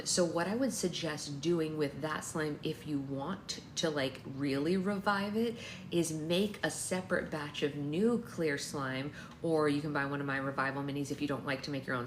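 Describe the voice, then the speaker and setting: A low-pitched woman chats casually on a livestream, rambling and full of fillers. Her voice rings in an echoey room with faint noise behind it. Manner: chatty, rambling, filler-heavy. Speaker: book club host and slime seller. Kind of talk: casual livestream chat and reading aloud.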